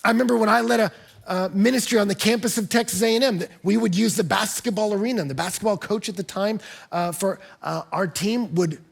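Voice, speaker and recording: A male pastor delivering an impassioned sermon in a church, swinging between hushed, quiet phrases and loud, emphatic lines. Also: high-pitched, fast talker, creaky, breathy edge.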